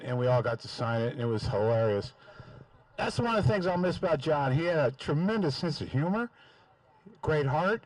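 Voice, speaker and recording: A man's voice: medium pitch, a little mellow, no echo, rough recording. Brief: man, memorial speech at the mic, rambling with fillers, dry sound. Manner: rambling with many "uh" fillers, fond. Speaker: memorial speaker. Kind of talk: casual storytelling. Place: memorial gathering. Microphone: microphone.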